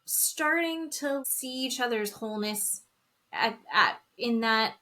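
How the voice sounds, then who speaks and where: A woman's voice: a little high, animated, slow, pushed and bright. A woman co-hosting a podcast, chatting casually and acting out quotes with big swings in her voice. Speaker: podcast co-host. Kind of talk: casual chat recapping reality TV.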